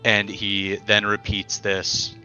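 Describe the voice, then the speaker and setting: Male tabletop player, deliberate, bright tone, lowish pitch. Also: completely flat delivery, soft background music. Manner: slow, deliberate describing of actions. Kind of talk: tabletop game play. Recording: dull lo-fi mic.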